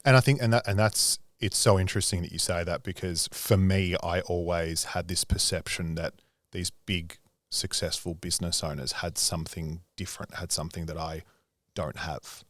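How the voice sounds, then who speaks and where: Deep-voiced man interviewing casually. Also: fairly even intonation, moderate pace, a bit bright, no room sound. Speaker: interviewer, recruitment business owner.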